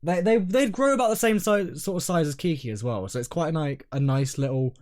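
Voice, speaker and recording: A young man co-hosting a casual podcast, talking in a rambling, hesitant way that often trails off quietly. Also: a little high, a little fast. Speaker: podcast co-host. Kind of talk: casual chat.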